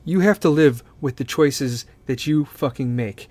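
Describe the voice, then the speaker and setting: A man's voice: medium pitch, a little slow, darkish tone, no room sound. A man hosting a casual solo podcast, talking bluntly and swearing a lot as he gives his opinions. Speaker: podcast host.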